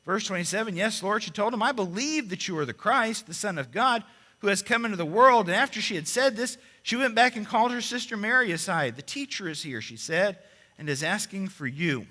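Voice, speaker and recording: A man preaching a sermon as pulpit minister, swinging between loud proclamation and quiet intensity. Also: high voice, expressive, brisk. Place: church sanctuary. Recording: long church reverb.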